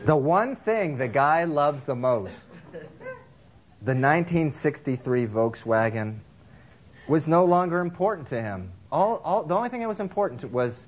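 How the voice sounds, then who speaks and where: A man preaching a sermon in a conversational way, halting with restarts and fillers, acting out characters' voices as he tells a story. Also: lo-fi sound, slight background noise. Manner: acts out characters' lines with lively swings in pitch. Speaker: pastor.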